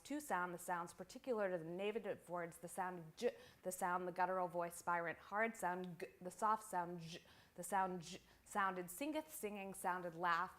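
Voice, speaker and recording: A woman poet giving a live poetry reading in a small venue, reciting in a measured, incantatory, list-like way. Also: fairly low pitch.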